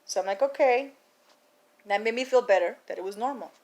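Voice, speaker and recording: Animated woman telling a story. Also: medium pitch, very fast. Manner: animated, acts out the people in her story, laughs often. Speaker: vlogger. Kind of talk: casual storytelling to camera.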